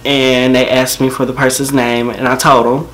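A man's voice: mid-range voice, flat delivery, moderate pace, fairly bright tone, slight background noise. A man telling a personal story to camera in a casual, slangy, joking way.

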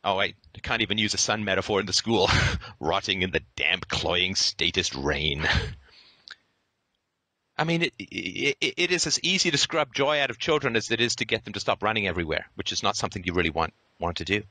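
A man's voice: sits low, lively intonation, brisk, pushed and bright, dry recording. A male podcast host giving an impassioned, sarcastic monologue peppered with profanity and theatrical asides.

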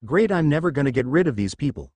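A man's voice: a little high, sing-song, fast talker, darkish tone, no room sound. A man reading the lines of a sullen, sarcastic teenage boy ninja in a storybook.

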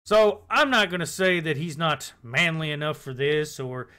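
Casual commentary host, male; rambling, profane delivery with a high, bright tone. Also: normal speed, clean tone. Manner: rambling, swears, trails off and restarts.

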